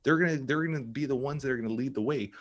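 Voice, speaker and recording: A middle-aged man with a medium-pitched voice talks very fast as a guest on a podcast. His casual interview talk is emphatic and full of restarts and repeated words.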